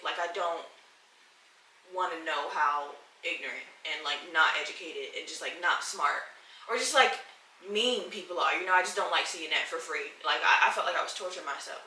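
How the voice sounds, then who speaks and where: A woman hosts her solo podcast from home, talking in a loose, candid and profane way straight to her listeners. Her voice is bright and clear, picked up from a little way off the mic in an echoey room. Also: on the low side, moderate pace, far from the mic, a little hiss or hum. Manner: candid, profane, emotional, addresses listeners as y'all. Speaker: podcast host. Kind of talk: casual solo podcast chat. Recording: roomy echo, slightly off-mic.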